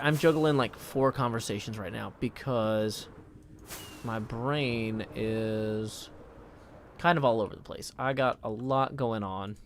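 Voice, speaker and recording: On a live game stream, a man in his thirties chats casually, his talk scattered and prone to mock-indignant outbursts. His voice sits on the low side, with slight background noise in the recording.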